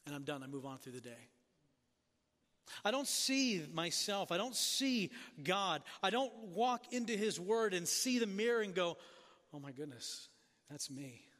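A man preaching a sermon as pastor, earnest and questioning, often dropping soft and low for emphasis. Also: animated, unhurried, in a large hall.

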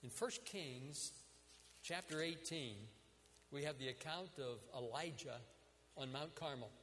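A man's voice: a little high, measured pace, fairly bright tone, soft background music. Male preacher, earnest and dramatic in his retelling, voice ringing with long reverb. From United States. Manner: earnest storytelling with dramatic quoted prayers. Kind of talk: sermon.

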